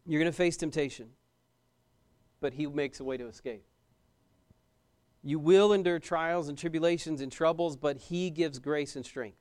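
High, clear-voiced male preacher. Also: normal speed, pauses often, darkish tone. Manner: emphatic, repeats key phrases, asks the audience questions. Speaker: pastor. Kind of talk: sermon.

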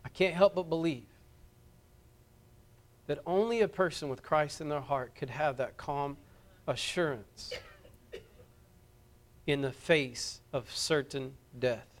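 A man's voice: on the high side, takes it slowly, pauses often. A man preaching a sermon as pastor, earnest and impassioned, appealing directly to his congregation.

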